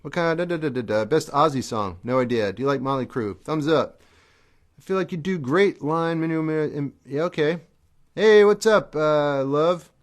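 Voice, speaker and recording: During a casual livestream chat between songs, a middle-aged host reads viewer questions aloud and answers them briefly and offhandedly. His voice is fairly high at normal speed, with acoustic guitar playing behind it.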